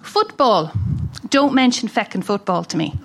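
A woman's voice: mid-range voice, lively intonation, moderate pace, creaky. A woman from Ireland with an Irish accent, reading a humorous letter aloud on stage with wry, dry humour. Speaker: festival reader. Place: live event stage.

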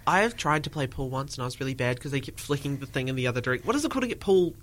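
A man's voice: mid-range voice, expressive, racing, fairly bright tone. A teenage boy co-hosting youth radio, rambling and self-deprecating with lots of filler words. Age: teens. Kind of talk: casual chat. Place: radio studio.

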